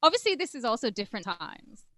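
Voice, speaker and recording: A Cumbrian woman co-hosts a true-crime podcast in a mid-range, fairly bright voice that's animated and brisk. She chats and swears freely, sliding between reading case notes, loose stories and jokes. The mic sound is close and dry, with no room noise.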